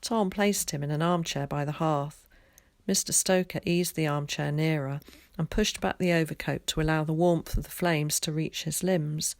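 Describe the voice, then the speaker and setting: A woman teacher reading a children's novel aloud, clear and expressive. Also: deep voice, moderate pace, no room sound.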